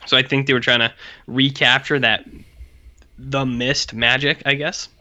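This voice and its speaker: A man chats casually as a podcast co-host, rambling through jokes and the odd curse. His voice is bright and forceful. The recording sounds a little muffled and lo-fi. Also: mid-range voice, level tone, unhurried. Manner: rambling, jokey and profane. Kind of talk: casual chat. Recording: dull lo-fi sound.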